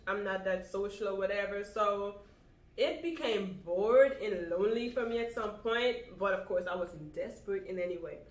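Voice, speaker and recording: A young woman from Guyana co-hosting a casual eating vlog, chatty and quick to laugh. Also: medium pitch. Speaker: vlog co-host. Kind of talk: casual mukbang chat. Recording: echoey room.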